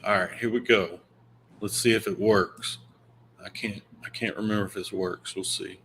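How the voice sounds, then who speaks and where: Kentucky guy hosting a podcast, kinda low voice, chill and jokey. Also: fairly even intonation, moderate pace, a bit bright, slight background noise. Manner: laid-back, hype, joking. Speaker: podcast host. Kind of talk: casual podcast chat.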